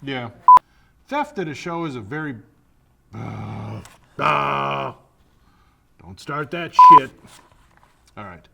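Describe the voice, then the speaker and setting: A man's voice: mid-range voice, wildly swooping pitch, slow, creaky, long pauses. A man co-hosting, clowning through recording outtakes in joking banter with a teasing, playful manner. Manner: teasing, playful, breaks off mid-line. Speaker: co-host. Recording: loud background noise.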